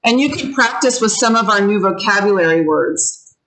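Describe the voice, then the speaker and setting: A woman teacher giving an online pronunciation lesson over a video call, drawing out words slowly so her learners can repeat them. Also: medium pitch, lively intonation, a bit bright, a little hiss or hum, low-quality recording. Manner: slow, drawn-out modelling of words for learners to repeat.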